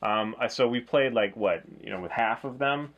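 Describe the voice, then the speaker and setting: A man hosting a casual board game review, talking in a flat, low-key way. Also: moderate pace, lo-fi sound. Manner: low-key, flat delivery, self-described monotone.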